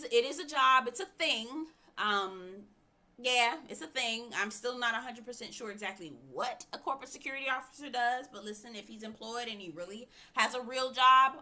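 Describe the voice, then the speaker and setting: A woman's voice: on the high side, bright, forceful tone. A woman who talks bluntly and frankly as she reviews a reality show in a casual, chatty way. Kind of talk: casual opinionated commentary.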